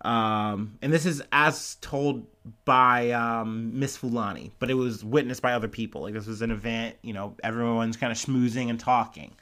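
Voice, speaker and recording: Male vlogger, middling pitch, chatty and rambling commentary. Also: moderate pace. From United States. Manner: rambling, filler-heavy, animated retelling. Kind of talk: casual commentary vlog.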